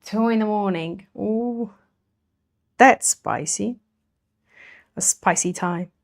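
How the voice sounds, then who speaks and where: A woman's voice: medium pitch, measured pace, a little mellow. A woman streaming her painting, chatting casually with viewers, laughing often and greeting them as she works. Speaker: artist streaming while painting. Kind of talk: casual livestream chat with viewers.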